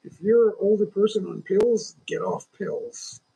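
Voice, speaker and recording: A man's voice: sits high, measured pace, creaky, dark tone, husky, poor audio. A man in his sixties with a lingering cough, hosting a casual livestream and chatting in a rambling, opinionated way straight to his viewers. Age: 60s. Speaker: livestream host.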